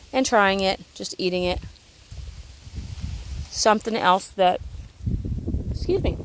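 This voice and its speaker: A woman with a slightly low voice chats her way through an outdoor vegetable garden, filming as she walks. She rambles and corrects herself freely in a casual vlog style. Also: gravelly, a little hiss or hum. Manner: chatty, rambling, self-correcting. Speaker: homesteading vlogger. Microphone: handheld camera she films herself.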